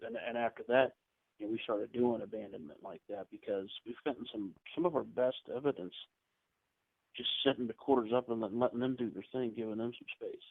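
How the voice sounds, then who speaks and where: A husky, gravelly man recounts stories in a loose, chatty way. His voice comes through thin and phone-like, with a dry, close sound. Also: on the low side, no echo. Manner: chatty, rambling anecdotes with quick asides. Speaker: podcast guest, paranormal investigator. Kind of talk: casual storytelling interview. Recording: tinny phone-like line.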